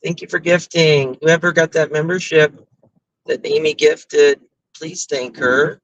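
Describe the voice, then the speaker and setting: A man runs a casual livestream, telling stories and thanking his viewers by name. His voice is bright and forward, and he speaks slowly. The sound is dry and close, with no room echo. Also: on the high side, creaky, dull audio. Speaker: livestream host.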